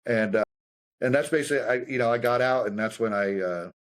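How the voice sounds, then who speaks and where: Profane, animated male army veteran storyteller. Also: medium pitch, a little fast. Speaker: guest, combat veteran. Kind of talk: casual storytelling conversation.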